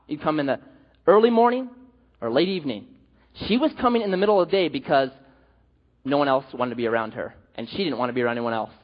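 A man's voice: on the high side, lively intonation, quick pace. A male pastor preaching a sermon, telling stories animatedly with jokes, in an echoey hall with dull sound.

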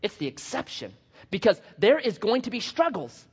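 Man, pastor, conversational sermon, high pitch, dull muffled audio. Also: normal speed, slightly rough. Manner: animated, conversational and self-deprecating, acting out quotes. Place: church sanctuary. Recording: dull lo-fi audio in a long-reverb church hall.

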